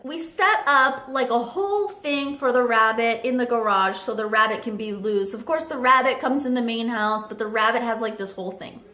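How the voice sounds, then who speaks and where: A young woman telling a chatty storytime vlog story, animated with lots of fillers. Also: fairly high pitch. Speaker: vlogger. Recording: roomy echo.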